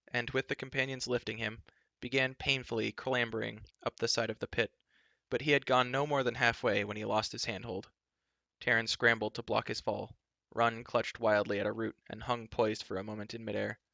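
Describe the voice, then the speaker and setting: Male storybook reader, gravelly and bright, dry close lo-fi sound. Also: on the low side, no echo. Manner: steady, dramatic narration. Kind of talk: storybook reading aloud. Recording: dull lo-fi recording.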